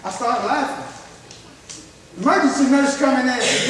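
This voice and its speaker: A man's voice: very high-pitched, normal speed, long pauses. A middle-aged man preaching a sermon in a folksy way, laughing often and checking that his listeners follow him. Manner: folksy, laughs often, keeps asking the crowd if they follow. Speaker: traveling preacher. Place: church sanctuary. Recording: echoey church hall, mic far off, faint hiss.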